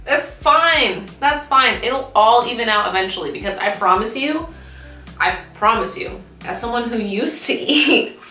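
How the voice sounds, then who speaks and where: A woman's voice: mid-range voice, bright, forceful tone. A young woman chatting casually in a vlog while eating, talking with her mouth full and swearing freely. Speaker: YouTube vlogger. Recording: roomy echo, mic at a distance.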